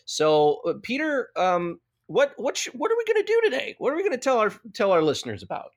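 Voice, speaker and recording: Male co-host, bright high voice, lively and playful, casual chat. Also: brisk. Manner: playful, joking, animated with sound effects. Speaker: podcast co-host. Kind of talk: casual hockey podcast chat.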